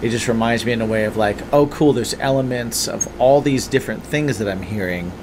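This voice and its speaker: A man's voice: on the low side, fairly quick, background noise. Chatty podcast co-host, man. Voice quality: loose, chatty, lots of fillers. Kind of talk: casual podcast chat.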